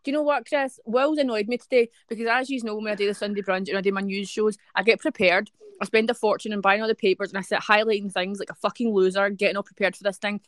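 A woman's voice: medium pitch, steady tone, quick pace, hardly any pauses, no echo. A young Scottish woman co-hosting a podcast, telling blunt, profanity-laden stories in casual chat. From Scotland. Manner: sweary, blunt storyteller. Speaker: podcast co-host.

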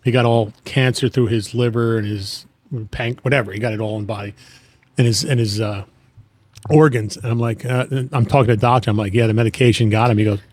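A middle-aged man, a guest on a chat show, telling family stories in a rambling way with many restarts and lively imitations of people. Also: medium pitch, a little fast. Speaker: guest, retired plumbing business owner. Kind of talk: casual storytelling chat.

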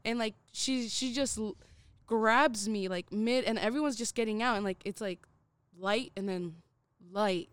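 A young woman with a fairly high voice tells a story in a loose, lively way, acting out everyone's lines and swearing freely. The sound is dry and close, with no room around her. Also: moderate pace, dry recording. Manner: animated, swears freely, acts out quoted voices. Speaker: podcast co-host. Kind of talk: casual storytelling.

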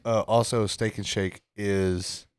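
A man's voice: fairly low pitch, fairly even intonation, takes it slowly, smooth, no room sound. A man chatting on a podcast, enthusiastic and slangy, calling everyone bro. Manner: enthusiastic, says bro a lot. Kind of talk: casual podcast banter.

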